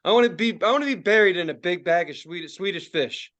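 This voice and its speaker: A man's voice: high-pitched, animated, fast, a bit bright, lo-fi sound. A man in his forties ranting and swearing as a podcast co-host, laughing often in casual talk. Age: 40s. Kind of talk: casual profane podcast rant.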